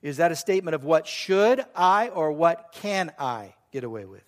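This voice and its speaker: Animated high-voiced preacher, sixties. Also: male voice, normal speed. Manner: animated preaching, asks the congregation rhetorical questions. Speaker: pastor. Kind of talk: sermon.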